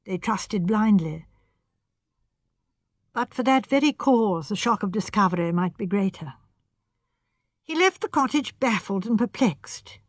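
A woman's voice: on the high side, no room sound, clean studio sound. Woman narrating a mystery audiobook.

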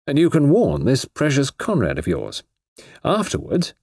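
A man voicing a breezy, unflappable young gentleman writer who speaks pleasantly and matter-of-factly, with a husky voice. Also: mid-range voice, wildly swooping pitch, normal speed, dry recording, studio quality, pitched above the performer's own voice, full character voice. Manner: pleasant, jaunty and matter-of-fact.

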